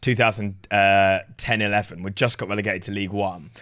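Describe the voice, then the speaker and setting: A man's voice: lowish voice, steady tone, brisk, fairly bright tone, dry recording, clean studio sound. A man in his twenties, co-hosting a podcast, telling rambling, self-mocking stories in a casual chat. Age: 20s. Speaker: podcast co-host.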